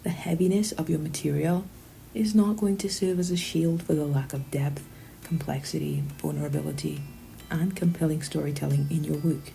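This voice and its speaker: A woman's voice: low voice, fairly even intonation, moderate pace, creaky, mellow, rough recording. A woman hosting a critical commentary, talking in a sarcastic, pointed way. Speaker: commentary host.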